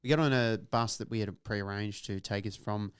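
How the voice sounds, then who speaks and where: A man hosting a podcast, telling a story in a casual, animated way and swearing freely. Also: on the low side, normal speed, smooth, no echo, clean studio sound. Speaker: podcast host.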